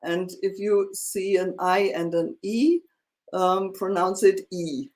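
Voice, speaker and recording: Slow patient teacher. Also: medium pitch, a little mellow. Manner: slow, patient, with many fillers. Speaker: German teacher. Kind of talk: one-on-one language lesson.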